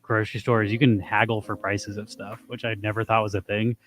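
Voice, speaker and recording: A man's voice: lowish voice, flat delivery, fairly bright tone. A young man co-hosting a casual podcast, telling grocery store stories with plenty of swearing. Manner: swearing, rapid storytelling. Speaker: podcast co-host. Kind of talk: casual chat.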